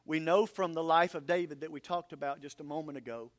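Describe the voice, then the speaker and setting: A man's voice: on the high side, steady tone, a little fast. A man preaching a sermon as pastor, earnest and emphatic.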